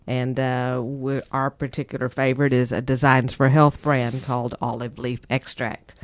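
A woman's voice: very deep voice, level tone, normal speed. A woman, co-hosting a health podcast and chattily explaining products. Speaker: podcast co-host. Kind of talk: casual health podcast chat.

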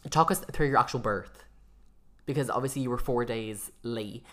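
A woman's voice: a bass voice, moderate pace, fairly bright tone. A woman hosting a podcast, chatting casually and prompting her guest with questions and fillers. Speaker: podcast host. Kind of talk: casual chat.

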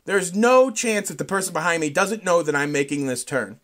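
A man hosting a solo podcast, telling a profane, rambling story that climbs into loud outbursts. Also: on the high side, normal speed. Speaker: podcast host.

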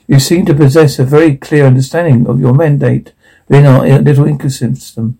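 A man reading out a drama's subtitles and sound captions in one flat, even voice. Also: medium pitch, brisk, creaky, slightly rough, poor audio.

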